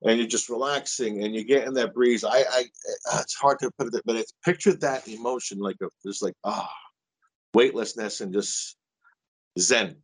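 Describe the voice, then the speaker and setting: Middle-aged male guest, mid-range pitch, lively casual storyteller with a salty tongue. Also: normal speed, husky, poor audio. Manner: animated, lively storyteller who swears casually.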